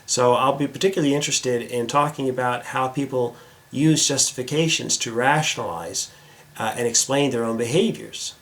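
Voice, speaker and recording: A man's voice: mid-range voice, moderate pace, fairly bright tone. A middle-aged man from the United States hosting a casual vlog, chatty and self-deprecating, with frequent filler words. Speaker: vlog host. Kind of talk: casual direct-to-camera vlog.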